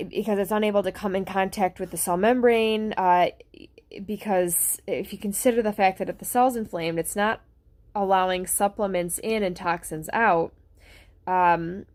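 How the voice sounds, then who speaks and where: A woman's voice: mid-range voice, darkish tone. A woman talking to the camera at home in a casual, rambling way, with many fillers and restarts. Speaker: vlogger sharing a health experience. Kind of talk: casual personal talk to camera. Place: at home, on a couch.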